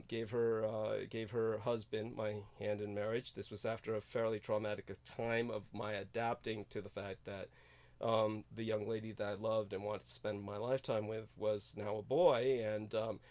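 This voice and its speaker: A man's voice: on the low side, a little mellow. A man hosting a casual chat, telling long-winded stories full of fillers. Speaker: show host.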